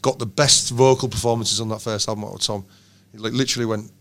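A man, a band's songwriter, telling lively anecdotes in casual chat, swearing and laughing often. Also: fairly low pitch, fast. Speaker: songwriter in a band, guest.

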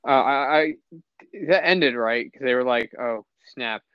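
A man's voice: medium pitch, a little slow, clean tone, no echo. A young man chatting casually as a podcast co-host, rambling and stammering, laughing often. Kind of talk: casual chat. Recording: slightly muffled lo-fi audio.

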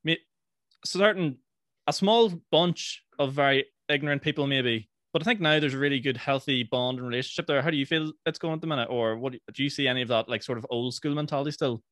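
Northern Irish male host, quick and chatty, dry close sound. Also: mid-range voice, a bit bright, dry recording. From Northern Ireland. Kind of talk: casual conversation.

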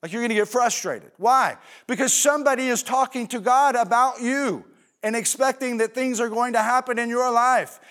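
A man's voice: very high-pitched, moderate pace, fairly bright tone. A male pastor preaching a sermon in a conversational way, asking rhetorical questions and answering them himself, with fillers and asides.

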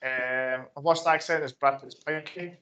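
A man's voice: medium pitch, fairly even intonation, unhurried, pushed and bright. A man co-hosting a film podcast, reading out his award picks in short, matter-of-fact bursts with filler ums. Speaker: podcast co-host. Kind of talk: casual film-review chat.

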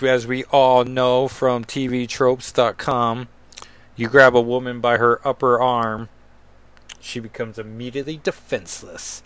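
A man's voice: mid-range voice, fairly bright tone, smooth, dry recording. A man reading a comic book aloud and breaking off for chatty, digressive, self-deprecating asides. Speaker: comic book reader and commentator.

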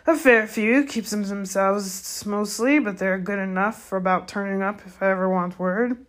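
A woman voicing a gruff, big-hearted giant gamekeeper in a storybook reading, blustery and grumbling. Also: mid-range voice, moderate pace, lightly acted. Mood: urgent.

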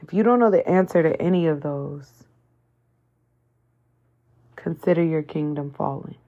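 A woman's voice: low voice, measured pace. A woman giving an intense, swearing spiritual message, stretching out emphatic phrases like a street sermon. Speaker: spiritual vlogger. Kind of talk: profane preaching monologue. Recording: dull lo-fi recording.

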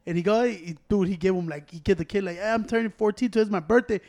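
A man chatting casually on a podcast, telling animated stories with loud acted-out quotes and lots of laughter. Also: high-pitched, fast talker. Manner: animated storytelling, acts out quotes loudly; swears a lot, laughs often. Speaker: podcast co-host. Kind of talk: casual chat.

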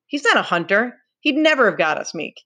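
A woman voicing a proud, aggressive boy who leads the hunters in a read-aloud novel, making forceful, accusing declarations. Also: a little high, big pitch swings, a little fast, voice pushed up, heavily acted.

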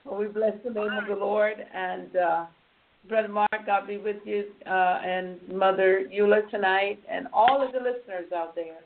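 A man's voice: high-pitched, fairly even intonation, normal speed, gravelly. A man hosting a prayer show, affirming callers with short amens and signing off, over a hissy phone line. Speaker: radio prayer-show host. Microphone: phone call.

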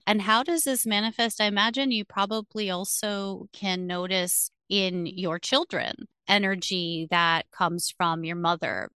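A woman hosting a podcast, talking in a calm, measured way about spirit and connection. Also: mid-range voice, clean tone, no room sound, studio quality. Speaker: podcast host. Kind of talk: reflective spiritual conversation.

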